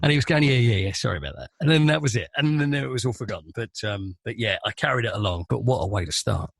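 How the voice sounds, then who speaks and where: A man, a stadium announcer, telling a long anecdote on a podcast in a lively, animated way, acting out the voices in his story. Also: mid-range voice, quick pace, gravelly, no echo, clean studio sound.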